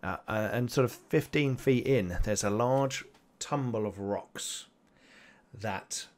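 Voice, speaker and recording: A man narrating as game master of a tabletop role-playing game, pausing often with ums. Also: fairly low pitch. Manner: hesitant, full of ums and restarts.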